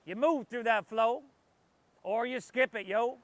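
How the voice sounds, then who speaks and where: A man's voice: extremely high pitch, a little slow, no room sound. A man leading a guided yoga class outdoors, calling breath cues with playful joking asides. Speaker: yoga instructor. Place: outdoors by the ocean.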